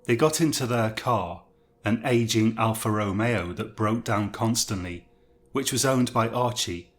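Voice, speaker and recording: A man's voice: on the low side, a little slow, fairly bright tone. A man narrating a scripted story in a wry, conversational way. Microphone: USB studio mic. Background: faint incidental music.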